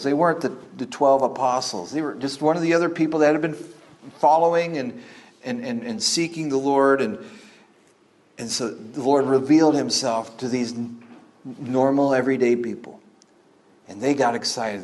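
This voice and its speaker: Animated storytelling male pastor. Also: medium pitch. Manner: conversational, animated storytelling with restarts. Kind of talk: sermon.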